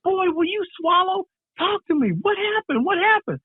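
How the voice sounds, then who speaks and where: A man voicing a worried mother who urgently questions her young son, his voice raised high. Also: very animated, moderate pace, dry recording. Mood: anxious. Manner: high-pitched, anxious and urgent. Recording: tinny phone-like line.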